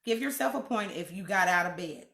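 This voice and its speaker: A woman's voice: fairly low pitch, animated, fairly quick, vocal fry, a bit bright. Playful woman hosting live chat. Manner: playful, greets viewers by name, laughs often. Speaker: live stream host. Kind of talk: casual live stream chat with viewers. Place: room at home. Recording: echoey room.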